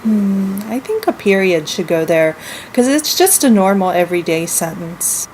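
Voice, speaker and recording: A woman teaching a lesson to young children, speaking clearly and acting out example sentences with lively expression. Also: mid-range voice, normal speed, slight background noise, poor audio. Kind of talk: model classroom minilesson.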